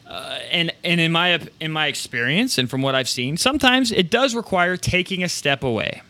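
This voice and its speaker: Speaking at a moderate pace in a higher-pitched voice, a man hosting a live show gives casual, spirited motivation for print business owners, often restarting his rambling sentences and occasionally swearing.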